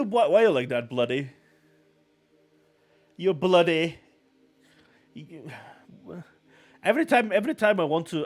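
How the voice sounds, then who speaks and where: A man streaming live, giving casual, rambling commentary and often repeating his own phrases. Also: a little high.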